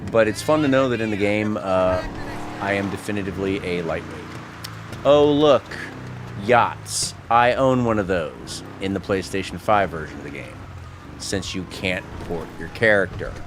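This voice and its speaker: Male game streamer, low, lively voice, jokey self-mocking patter, faint noise in the background. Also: moderate pace. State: playing a tipsy character. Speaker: gaming streamer. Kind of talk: casual gameplay commentary.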